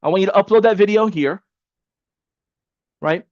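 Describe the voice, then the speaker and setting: High-voiced energetic male coach. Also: normal speed, no echo, dull audio. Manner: energetic, repetitive, casual motivational coaching. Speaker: webinar coach. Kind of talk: live online training.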